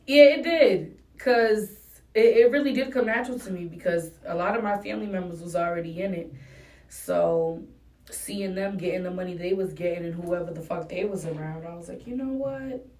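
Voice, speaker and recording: A woman's voice: lowish voice, steady tone, a little fast, darkish tone. A young adult woman from New England with a New England accent, talking bluntly and profanely as a rapper in a casual interview. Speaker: rapper guest. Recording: roomy and distant mic.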